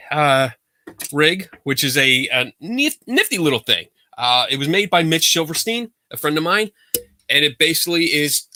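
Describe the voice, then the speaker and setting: A man hosting a podcast, telling a story in a casual, animated, rambling way from a home setup. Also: mid-range voice, dry recording. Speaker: podcast host. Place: home setup for a virtual show.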